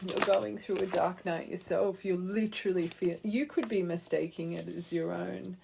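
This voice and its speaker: A woman's voice: on the low side, fairly even intonation, normal speed, gravelly, very noisy. A woman giving an earnest, heartfelt tarot reading, speaking straight to the viewer and rambling with fillers. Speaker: tarot reader. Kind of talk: intuitive tarot reading to camera.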